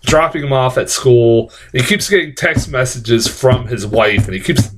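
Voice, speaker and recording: Brief: male movie reviewer, casual, profane, rambling with fillers and restarts, mid-pitched voice. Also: animated, normal speed, noisy background.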